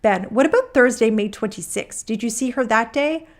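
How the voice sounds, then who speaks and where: A woman reading a court transcript aloud, voicing a male attorney who asks the witness measured questions. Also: on the high side, lively intonation, natural voice.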